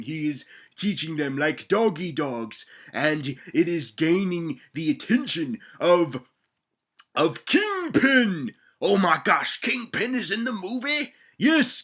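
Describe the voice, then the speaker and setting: A young man giving a casual comedic movie recap, rambling, excitable and swearing. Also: fairly high pitch.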